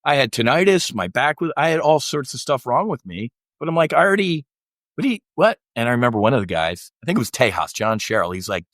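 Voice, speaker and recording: A man's voice: mid-range voice, animated, quick pace, few pauses, fairly bright tone, no room sound, clean studio sound. A middle-aged man, a military veteran guest on a podcast, telling a candid personal story in a rambling way, restarting often and acting out the voices of people he quotes.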